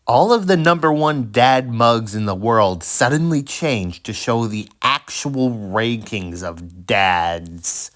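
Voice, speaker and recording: An amused video creator reads social media posts aloud and drops in wry comments. The pitch swoops around a lot, and the delivery is unhurried. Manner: expressive, amused, wry asides. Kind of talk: casual commentary reading posts.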